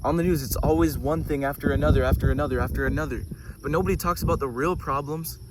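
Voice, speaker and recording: A man talking in a casual, preachy spiritual monologue, getting excited and swearing casually as he goes off on tangents. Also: a little high, quick pace, noisy background. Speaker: host.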